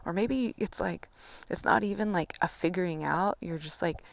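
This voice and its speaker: Low gravelly woman, loose spiritual pep talk. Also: moderate pace, dry recording. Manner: loose, swearing, filler-heavy. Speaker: spiritual coach. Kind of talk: casual motivational monologue.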